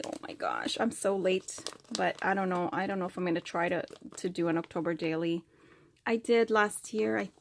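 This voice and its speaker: A woman vlogger opening craft mail, gushing with delight and gasping often. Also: medium pitch. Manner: gushing, gasps and exclaims often. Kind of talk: excited unboxing chat. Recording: faint crinkling paper noise.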